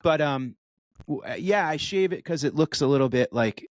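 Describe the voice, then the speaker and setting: A man's voice: a little high, animated, moderate pace, no room sound. A male stand-up comedian co-hosting a podcast, chatting casually with emphatic, profane riffs. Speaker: podcast co-host.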